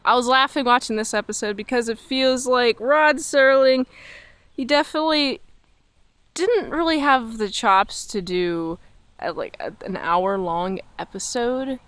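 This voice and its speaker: Smooth, high-pitched young woman reviewer. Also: fairly bright tone, no echo. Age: young adult. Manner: chatty, exasperated, acts out characters in quick asides. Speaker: show host reviewing a TV episode. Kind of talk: casual spoken review.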